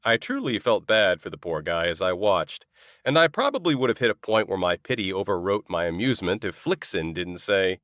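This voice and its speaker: A man's voice: low voice, sing-song, brisk, fairly bright tone, no room sound, clean studio sound. A man narrating a comic fantasy novel in the first person, wry and storytelling. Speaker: audiobook narrator.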